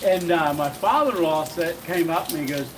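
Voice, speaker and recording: Middle-aged male host, easygoing rambling storyteller, slightly high voice; outdoor camera audio with steady rain noise. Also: normal speed. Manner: rambling, chuckling, many fillers. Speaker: channel host. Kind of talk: casual live-stream storytelling. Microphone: handheld camera.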